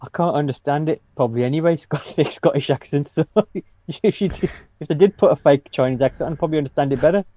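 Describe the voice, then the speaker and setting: A man's voice: a little high, fast talker, warm tone, no echo, lo-fi sound. A man joking through casual podcast banter, often stopping and restarting his sentences. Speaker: podcast co-host.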